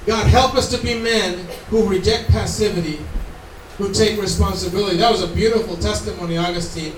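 A man's voice: sits high, steady tone, fairly quick, slight background noise. A man preaching a sermon in an earnest, conversational way with asides to the congregation. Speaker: pastor. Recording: echoey room, mic from far off.

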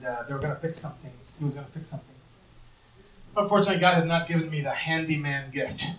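A middle-aged male pastor preaching a sermon in church, telling stories with lively acted-out voices. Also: on the high side, roomy sound, far from the mic, low-quality recording. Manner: animated storytelling, acting out quoted voices.

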